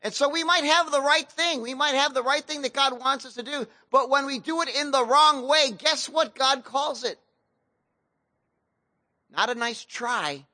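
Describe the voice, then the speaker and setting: A man pastor retelling a scripture story in relaxed, slangy speech, with a high and bright voice. He speaks with lively, animated emphasis. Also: dry recording. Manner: casual slang-laced preaching, animated storytelling. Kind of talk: sermon.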